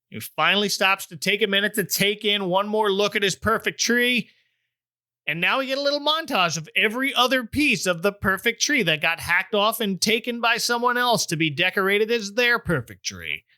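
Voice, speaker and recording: Wry, bright-voiced man recapping. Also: high-pitched, lively intonation, moderate pace, no room sound, clean studio sound. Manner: wry, joking, puts on silly voices for quotes. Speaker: podcast host recapping a TV special. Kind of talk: casual chat.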